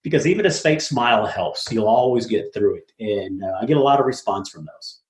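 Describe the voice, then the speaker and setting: A lowish, fairly quick voice belongs to a middle-aged man guesting on an interview, an apartment syndicator. He's an animated storyteller, blunt and profane, who acts out quoted voices in the casual conversation. The room is echoey.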